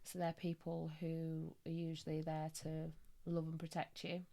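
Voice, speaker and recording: Woman guest, psychic medium, low-pitched, lively anecdotal delivery. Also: creaky. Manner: lively storyteller, quick bursts of laughter. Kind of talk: casual podcast chat.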